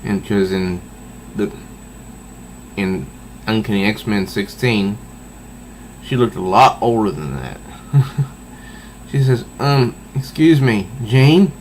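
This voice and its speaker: A man casually reviewing a comic book, talking haltingly with many restarts. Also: fairly low pitch, slight background noise, poor audio.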